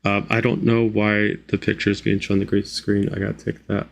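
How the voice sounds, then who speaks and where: A man hosts a tabletop role-playing game as dungeon master. His speech is casual and halting, full of fillers. His voice sits a little low. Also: little pitch movement, vocal fry, a little hiss or hum.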